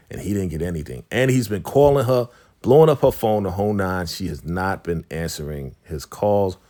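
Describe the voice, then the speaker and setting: A man's voice: lowish voice, a little mellow. A man casually recapping a TV episode, laughing often and acting out the characters' lines. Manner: slangy, laughs often, acts out lines in quick voices. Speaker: recap host.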